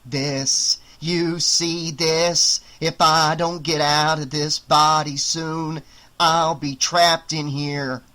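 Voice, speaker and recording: A man voicing a sneering, menacing killer doll in an audiobook, with slow, snarling threats. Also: mid-range voice, fairly even intonation, fairly bright tone. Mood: snapping.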